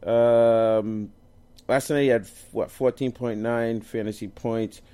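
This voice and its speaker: A man's voice: mid-range voice, steady tone, slow pace, dark tone, clean tone. A man co-hosting a casual sports chat, loose and jokey, tripping over hard names as he lists his picks. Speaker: co-host picking fantasy lineups.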